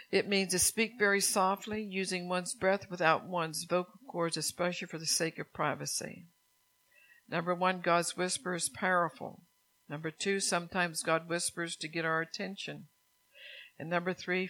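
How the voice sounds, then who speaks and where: A woman's voice: on the low side, fairly bright tone, low-quality recording. Conversational woman preaching a sermon. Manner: conversational, asks the congregation questions, laughs often. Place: church.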